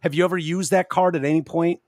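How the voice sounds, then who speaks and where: Male podcast host, a bit higher than most, animated with mocking impressions, casual chat. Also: fast talker, no echo, clean studio sound.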